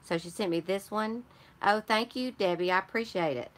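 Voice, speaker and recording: A woman with a Michigan accent hosts a craft channel's casual live stream, speaking in a mid-range voice at a moderate pace. She rambles and chats as she greets viewers and responds to their comments.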